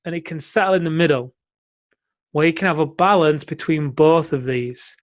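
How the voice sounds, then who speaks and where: Higher-voiced man, coaching talk. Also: normal speed. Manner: explanatory, coaching talk with frequent "right?". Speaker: podcast co-host, men's coach. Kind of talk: casual podcast conversation.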